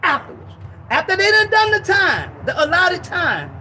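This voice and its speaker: A man gives an informal Bible teaching sermon, emphatic and full of slang, repeating himself and erupting into shouts. His voice is very high with huge swings in pitch, delivered at a moderate pace over a faint hiss or hum.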